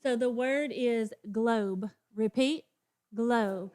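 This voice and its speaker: A woman's voice: fairly high pitch, moderate pace. Woman teacher demonstrating a phonics lesson. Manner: models classroom chants and sounds out letters. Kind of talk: professional development demonstration for teachers.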